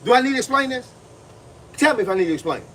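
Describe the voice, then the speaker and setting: High-pitched black coach talking at a livestream, a bit off mic with light noise behind. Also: male voice, sing-song, fast, pushed and bright, recorded from a distance, low-quality recording. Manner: preachy, repetitive, talks to viewers, grunts while punching a bag. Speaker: boxing coach.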